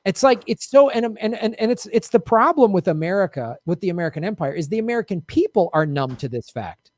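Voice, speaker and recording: A man hosting a casual political talk show, talking in an animated, indignant way and mocking people in quoted voices. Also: high-pitched, quick pace, dry recording. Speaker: podcast host.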